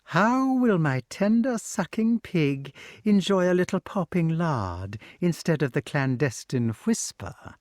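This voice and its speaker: A high, relishing old witch, put on by a male audiobook reader. She swings up and down in pitch and lingers slowly over her words. The recording is dry and close. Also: very animated, a little mellow, no echo. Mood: gloating. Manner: drawn-out, relishing, sing-song. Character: cruel greedy old witch, gloating cook. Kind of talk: audiobook character voice.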